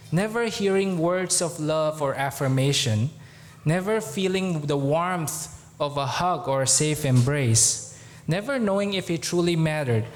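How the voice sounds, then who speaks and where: Slow, earnest pastor with a Zomi accent. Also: male voice, on the high side. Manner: slow, earnest storytelling with pauses. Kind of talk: sermon. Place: church.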